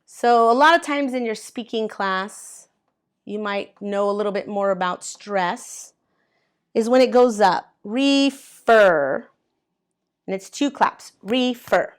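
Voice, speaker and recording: An ESL teacher with a medium-pitched voice speaks slowly, giving learners an English grammar lesson. Standing at a board and writing in colors, she patiently spells out letters and claps out syllables.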